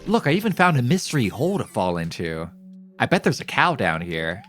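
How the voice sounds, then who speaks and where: A man's voice: mid-range voice, brisk, soft background music. A man streaming gameplay live, chatting casually with his viewers in a joking, self-mocking way. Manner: animated, joking, talks to chat.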